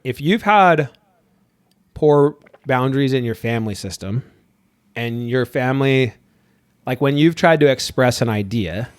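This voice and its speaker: A man's voice: mid-range voice, animated, measured pace, pauses often, clear, resonant tone, dry recording. A man on a podcast, a therapist talking casually and animatedly, slipping into voices of people he quotes and swearing now and then. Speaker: therapist guest.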